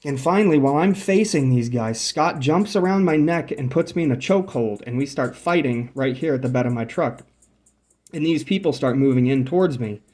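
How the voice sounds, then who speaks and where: A man's voice: medium pitch, expressive, a little fast, darkish tone. A young man casually telling a story, swearing freely, acting out the dialogue and pointing out where things happened. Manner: profane, acts out quoted dialogue; points out spots while telling. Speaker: vlogger.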